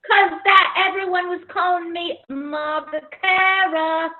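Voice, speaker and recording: A woman's voice: extremely high pitch, flat delivery, takes it slowly, pitched above the performer's own voice. A woman reading the part of a defensive young woman arguing with her friend, during a cold reading of a scene on a video call. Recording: tinny video-call audio.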